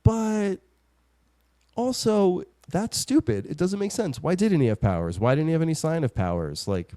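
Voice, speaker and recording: A man co-hosting a comic book podcast, sarcastic and quick to mimic the characters he talks about. His voice is mellow and warm, and his pitch rises and falls a lot. The sound is dry and close. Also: lively intonation, no room sound. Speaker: podcast co-host. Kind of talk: casual comic book chat.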